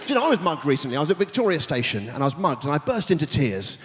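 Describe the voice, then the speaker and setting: A man doing stand-up, delivering quick punning one-liners with deadpan setups on a theatre stage. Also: fairly high pitch, big-room sound, very noisy. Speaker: stand-up comedian. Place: large theatre stage before a live audience.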